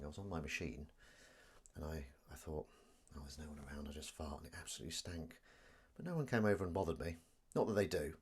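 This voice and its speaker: A man's voice: deep voice, husky. A man hosting a live stream in a casual, jokey, self-mocking way, reading viewer comments aloud.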